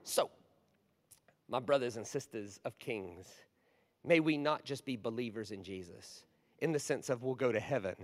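A man in his forties preaching a storytelling sermon, animated, moving from hushed asides to loud bursts. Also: mid-range voice, moderate pace. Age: 40s. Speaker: guest preacher. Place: large church hall. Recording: long hall reverb.

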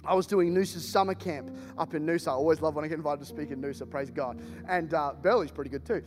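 A man preaching a sermon, telling stories in an animated, joking way. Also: on the high side, fast. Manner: animated, jokey storytelling with laughs. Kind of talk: storytelling sermon. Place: church hall. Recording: reverberant hall, faint music.

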